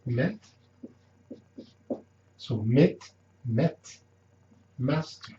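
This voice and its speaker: Slow, patient male language teacher. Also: mid-range voice, warm tone. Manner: slow, careful, repeats words to drill pronunciation. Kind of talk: unscripted language lesson. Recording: roomy, dull lo-fi with faint noise.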